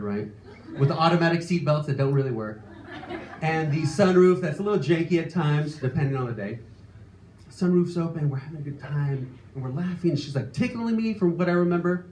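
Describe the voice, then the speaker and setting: A man in his late thirties telling a self-deprecating personal story live on stage, animated and exasperated in places. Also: a little high, slight background noise. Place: stage before a live audience. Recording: echoey room, faint ambience.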